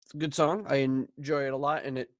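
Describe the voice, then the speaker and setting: A man's voice: mid-range voice, fairly even intonation, fast, no echo. A man in his thirties hosting a podcast, chatting casually and rambling about an album, laughing easily. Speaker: podcast host. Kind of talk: casual album review chat.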